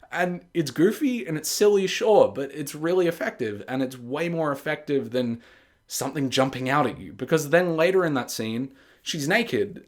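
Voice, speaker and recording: Guy ranting about a horror movie, sarcastic, keeps doing silly high voices. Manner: animated, jumps into high mocking voices for quotes; sarcastic and exasperated. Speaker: movie reviewer. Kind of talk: casual spoken film review.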